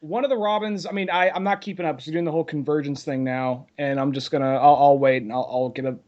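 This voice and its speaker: Rambling podcast co-host with a higher voice. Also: male voice, steady tone, fast talker, darkish tone, dull audio. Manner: rambling, with many fillers and trailing thoughts. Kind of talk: casual chat.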